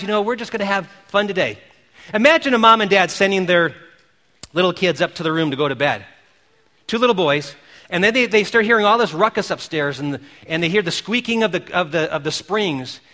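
A man preaching a sermon, telling stories in an animated way and calling out quoted cheers. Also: high-pitched, big-room sound. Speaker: pastor. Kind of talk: sermon with storytelling.

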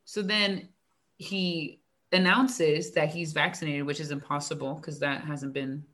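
A young woman, a teacher, chatting casually and acting out her students and herself in animated stories. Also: low voice, a little slow. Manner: animated storytelling, acts out student dialogue, frequent "like". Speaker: elementary school teacher. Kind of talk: casual chat.

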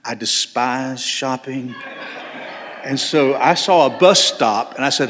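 A man's voice: medium pitch, slow, a bit bright. Man, middle-aged, pastor preaching a sermon, earnest and emphatic, long church reverb. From Southern United States. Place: large church sanctuary.

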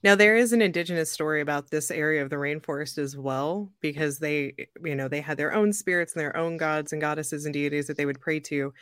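A young adult woman hosting a podcast, telling a story in a lively, joking way and laughing often. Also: low-pitched, brisk, hardly any pauses, clean tone, no room sound, studio quality. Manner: animated, jokey, laughs often. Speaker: podcast host. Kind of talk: casual storytelling chat.

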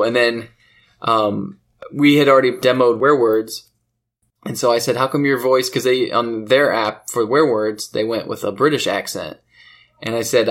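A man's voice: medium pitch, fairly bright tone. A man hosting a podcast, chatting casually and telling stories with easy laughs. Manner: chatty storytelling, laughs easily. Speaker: podcast host. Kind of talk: casual chat about board games.

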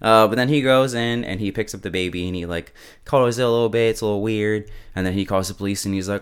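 A man casually recapping a TV episode beat by beat, chatty and quick to joke and laugh. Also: on the low side, clean tone. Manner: chatty, laughs often, quips. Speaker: show reviewer.

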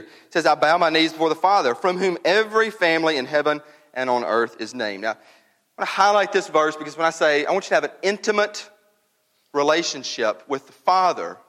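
A man's voice: a little high, a bit bright, in a large hall. A male pastor preaching a sermon in a conversational, emphatic way, often repeating words for stress. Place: church.

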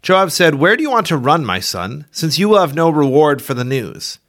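A man reading scripture aloud for a church podcast, giving the quoted speech a raised, expressive delivery. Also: on the high side, normal speed. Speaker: Bible reader.

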